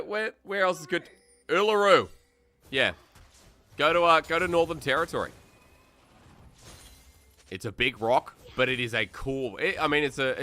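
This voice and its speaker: An Australian man solo-casting an esports match, excitable and chatty, thinking aloud and reading viewer comments between plays. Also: mid-range voice. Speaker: esports caster. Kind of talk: solo play-by-play commentary and chat. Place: New South Wales.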